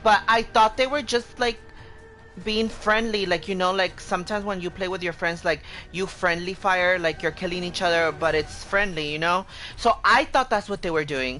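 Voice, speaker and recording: A woman's voice: on the low side, a bit bright. Streamer woman, casual storytelling, swears constantly, faint music underneath. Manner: profane, heated retelling of an argument; fast, repetitive quoting with "I'm like". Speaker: game streamer.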